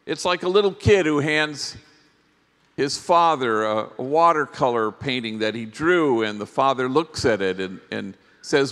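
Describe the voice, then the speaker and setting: A priest giving a workshop talk at a conference, telling stories in a gentle, reflective way with pauses. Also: male voice, mid-range voice, animated. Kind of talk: storytelling keynote talk. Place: large conference hall. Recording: long hall reverb.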